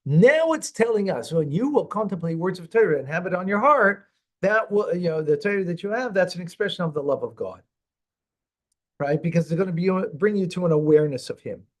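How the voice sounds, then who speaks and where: A man with a fairly high voice, a rabbi leading a text study class. He reads verses aloud, gives their meaning, and presses his student with questions before he explains. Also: lively intonation, fairly quick. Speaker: rabbi teaching a Torah class.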